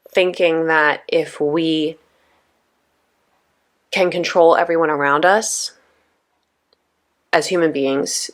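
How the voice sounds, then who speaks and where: A woman in her thirties hosting a podcast, talking casually and conversationally with lots of asides to her listeners. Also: low-pitched. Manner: chatty, conversational, frequent "right?" and "you know". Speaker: podcast host.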